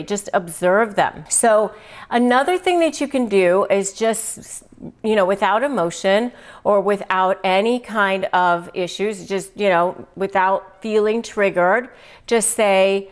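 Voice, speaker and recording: A middle-aged woman talks straight to the camera in an advice video. Her voice sits in a middle pitch, and she leans hard on key words, slipping into quoted lines with lively emphasis. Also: moderate pace. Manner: animated, emphatic, acts out quoted phrases. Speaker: host, negotiation advice presenter.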